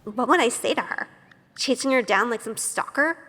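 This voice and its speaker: A woman's voice: a little high, lively intonation, normal speed, bright, forceful tone, long reverb tail. A nervous, curious young woman narrating. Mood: self-conscious. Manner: earnest, self-questioning inner monologue. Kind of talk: first-person audio drama narration.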